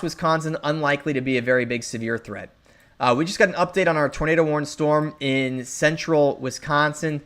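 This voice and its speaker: A man's voice: mid-range voice, fairly bright tone. A young American man hosting a live weather stream, talking in a loose, chatty way with many fillers as he calls out towns. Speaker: meteorologist livestream host.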